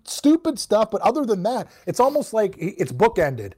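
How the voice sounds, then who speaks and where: A man's voice: high-pitched, very animated, fairly quick, a little mellow, breathy edge. A man co-hosting a sports radio show, chatting casually about hockey and laughing often. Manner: chatty, laughs often, does voices of his mom.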